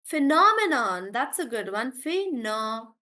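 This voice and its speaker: A woman teaching pronunciation over a video call, with a voice that sits a little high for a woman. She speaks warmly to her students and praises their answers. When she models a word, she slows down and pulls each syllable apart. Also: animated. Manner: encouraging, draws out syllables slowly when modeling words. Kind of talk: live online class.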